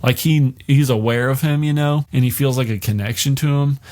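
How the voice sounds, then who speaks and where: Casual male podcast host recapping a series, mid-pitched, loose and profane. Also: a little fast, darkish tone. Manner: loose, swearing, filler-heavy.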